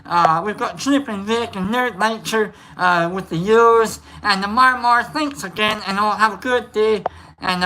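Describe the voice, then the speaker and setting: A woman hosting a casual livestream, reading out viewer shout-outs in a playful, rambling way and swearing freely. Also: fairly high pitch, a little hiss or hum, rough recording. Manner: loose and meandering, lots of fillers.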